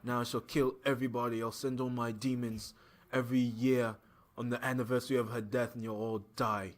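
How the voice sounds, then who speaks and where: A man's voice: medium pitch, little pitch movement, close to an everyday voice. A man putting on a mock-British vampire lord. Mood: mock grandeur. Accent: vaguely British put-on. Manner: slow, mock-dramatic delivery. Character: vengeful male vampire lord, grieving and theatrical.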